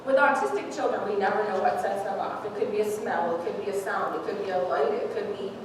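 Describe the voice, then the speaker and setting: A woman's voice: medium pitch, fast. A woman in her forties giving an emotional personal testimony at a church service, heartfelt and laughing through tears. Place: church sanctuary. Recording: echoey church hall, distant mic, noisy.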